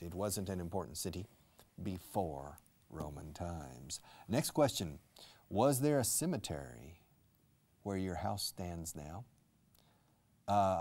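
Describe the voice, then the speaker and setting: Deep-ish gravelly guy teaching english, slow and chatty, says words twice. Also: mellow. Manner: explains slowly, repeats words, switches to Spanish for learners. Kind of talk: casual language lesson.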